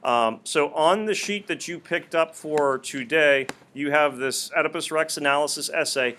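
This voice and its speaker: A male high school English teacher explaining an assignment to his class, patient and repeating key points. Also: normal speed, bright, forceful tone, slight background noise. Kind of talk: classroom instruction.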